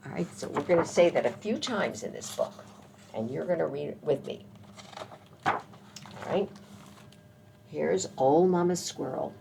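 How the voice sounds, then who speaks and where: A woman librarian leading a children's story time, reading aloud slowly and gently, coaxing the kids to join in. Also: low-pitched, vocal fry, background noise.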